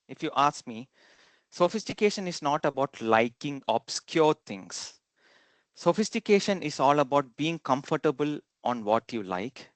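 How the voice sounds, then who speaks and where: A man's voice: fairly high pitch, no echo. A man from India, giving a talk to an audience and telling humorous personal stories, now and then chuckling and acting out quotes.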